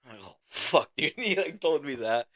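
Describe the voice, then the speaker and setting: A man's voice: a little high, very animated, fairly quick, fairly bright tone. A young man casually telling a rowdy story on a podcast, swearing constantly and laughing as he talks. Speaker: podcast co-host.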